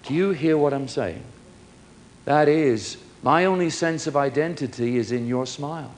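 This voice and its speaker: A man's voice: fairly high pitch, normal speed. A man preaching a sermon, acting out little dialogues between people in changing voices.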